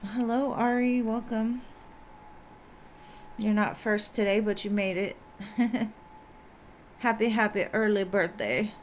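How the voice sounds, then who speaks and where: A woman with a slightly scratchy voice chats unhurriedly on a live stream as a tarot reader. She greets each viewer in turn in a relaxed, chatty way, with faint ambient noise behind her. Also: mid-range voice, takes it slowly, long pauses. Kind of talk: casual live-stream chat.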